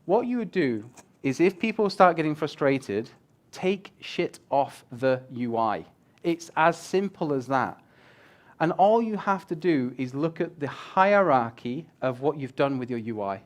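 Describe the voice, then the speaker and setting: At a measured pace and with a voice that sits a little high, a man presents on user experience design to a live audience in an event room. The talk is casual and animated, with jokes for the crowd and the occasional swear.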